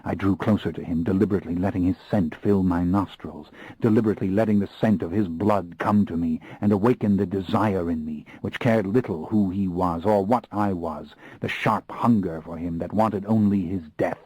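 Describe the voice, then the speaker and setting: A man's voice: deep voice, normal speed, few pauses, a little mellow, husky, no echo, low-quality recording. A man narrating an audiobook in the first person, with an intense, brooding reading into a close studio mic.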